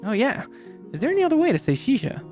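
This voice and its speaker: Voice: sits high, sing-song, fast, darkish tone, soft background music, pitched above the performer's own voice. A streamer voicing a bubbly, gyaru-like young woman in a visual novel, reading her lines in a cheerful, chatty way.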